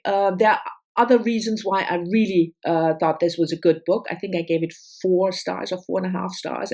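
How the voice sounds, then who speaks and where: A woman's voice: on the low side, a little mellow. A middle-aged woman, not a native English speaker, chatting casually about books she read, with frequent fillers and restarts. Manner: thoughtful, with many fillers and restarts. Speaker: book vlogger.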